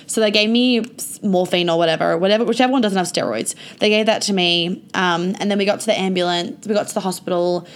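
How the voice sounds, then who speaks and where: Young woman vlogger, mid-pitch, loose storytime delivery, lots of fillers and cursing. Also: fast talker. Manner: chatty, full of "like" and frequent swearing. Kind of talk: casual storytime monologue.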